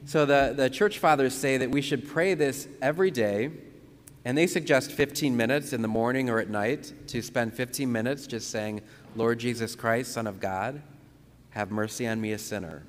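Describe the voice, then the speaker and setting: Man priest, slow calm prayer leader. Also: medium pitch. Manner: slow, calm, repeats phrases with pauses for breathing. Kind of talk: teaching and leading a guided prayer. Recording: long reverberant room sound.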